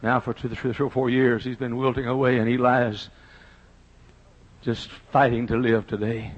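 A middle-aged man preaches a revival sermon, his voice husky and a little rough. He builds into shouted, rising phrases. The recording sounds dull and lo-fi. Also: medium pitch, flat delivery, moderate pace. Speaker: pastor.

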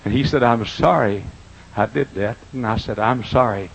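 An older male pastor delivers a sermon in a husky, mid-pitched voice. He talks in a folksy way, drops to near murmurs and then rises to loud, stretched-out words for emphasis. He speaks from the pulpit of a church. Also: rough recording. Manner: folksy preaching, swings from quiet to loud and drawn-out. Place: church auditorium.

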